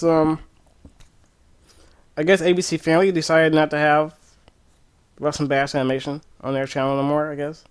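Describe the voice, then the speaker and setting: A man chatting casually on a live game stream from home, animated and excitable, often laughing. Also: a little high. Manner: animated, excitable, often laughing and breaking into movie-line impressions. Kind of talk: casual live-stream chat while playing.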